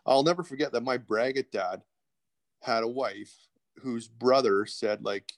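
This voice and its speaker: A middle-aged podcast guest with a medium-pitched voice tells candid stories at a measured pace in a casual interview. His storytelling rambles, full of restarts and asides.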